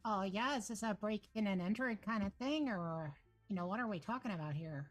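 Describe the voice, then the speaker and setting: A blunt, friendly old war veteran with a chummy, drawling way of talking, put on by a woman in a tabletop game. The pitch is middling for her, with faint music playing behind. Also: fairly quick, close to an everyday voice. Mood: folksy. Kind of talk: tabletop role-play.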